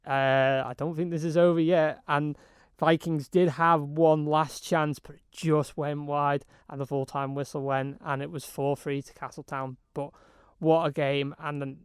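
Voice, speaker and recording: A man with a Manx accent, slightly hoarse, describing hockey matches in an excitable sports chat full of fillers and restarts. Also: on the high side, no room sound, studio quality. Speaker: hockey reporter.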